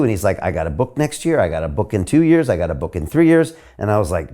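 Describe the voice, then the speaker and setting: A man hosting a podcast interview, talking casually and lively. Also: mid-range voice, fast. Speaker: podcast host.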